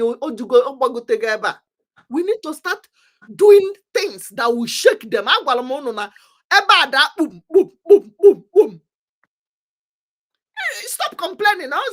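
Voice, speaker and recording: Impassioned Nigerian woman, lively pitch. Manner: emphatic, repetitive, preaching urgency. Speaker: commentator on community affairs. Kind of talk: impassioned talk mixing English, Pidgin and Igbo.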